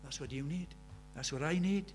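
A man in his seventies preaches a sermon in church, pressing his congregation with earnest rhetorical questions. His voice is on the high side and brisk, with soft background music.

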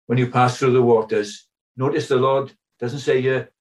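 A man's voice: medium pitch, fairly even intonation, normal speed, darkish tone, recorded from a distance, poor audio. An older man preaching a sermon, earnest and full of rhetorical questions.

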